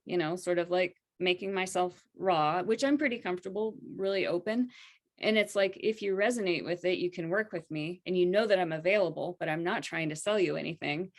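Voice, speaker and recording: A woman guest who works as a coach, talking in a soft, reflective way as she explores ideas. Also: on the low side. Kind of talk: casual conversation.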